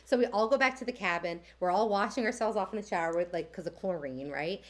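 A young woman chatting on a podcast, telling a story with lots of fillers and animated quoted voices. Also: mid-range voice, fast. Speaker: podcast co-host. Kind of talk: casual chat, storytelling.

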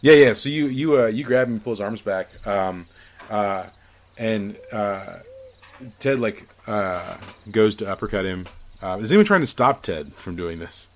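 Halting, filler-heavy male game master. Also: fairly low pitch, lively intonation. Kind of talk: narrating a tabletop game.

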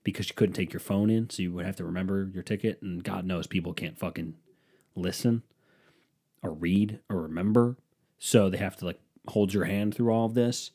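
A man with a lowish voice tells a rambling anecdote in casual chat. He swears freely, drips with sarcasm, and slips into brief animated impressions of the people in his story. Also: normal speed, husky. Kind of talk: casual storytelling with acted-out quotes.

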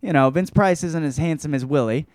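A man gives a casual, crude book review on his podcast and rambles through the plot. His voice is smooth and resonant. The recording is dry, with no room echo. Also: a little high, a little fast, darkish tone. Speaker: podcast host.

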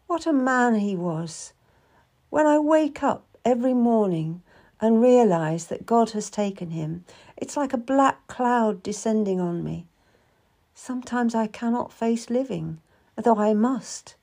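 A woman voicing a grieving Puritan widow, soft and earnest, in an audiobook reading. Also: a little high, pitched above the performer's own voice, full character voice. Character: grieving Puritan widow, lonely, gentle and shy.

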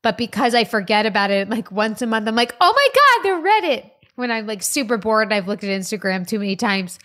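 Woman podcast co-host, casual and animated, laughs easily, medium pitch. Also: quick pace. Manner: animated, laughs often, breaks into playful impressions. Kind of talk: casual chat.

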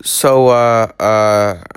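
Speaking very slowly in a low, steady, clean voice, a young podcast host rambles alone on his show. His monologue is an irritable, sarcastic rant.

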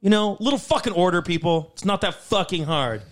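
High, lively man ranting. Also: fairly quick. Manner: profane, heated ranting. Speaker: podcast co-host. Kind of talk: casual podcast rant.

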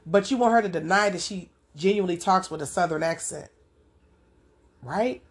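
A woman's voice: lowish voice, normal speed. Rambling, colloquial woman podcaster. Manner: rambling and colloquial, with frequent "you know what I'm saying". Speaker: podcast host. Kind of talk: casual spoken monologue.

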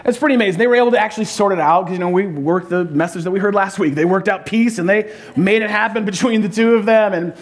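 A man's voice: high voice, quick pace, few pauses. A man preaching a sermon as a pastor, telling stories in a humorous, conversational way.

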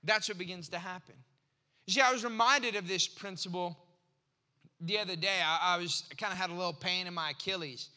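A pastor in his forties preaches with a high-sitting, pushed, bright voice at a fairly quick pace. His sermon is conversational storytelling, and he acts out little exchanges within his anecdotes.

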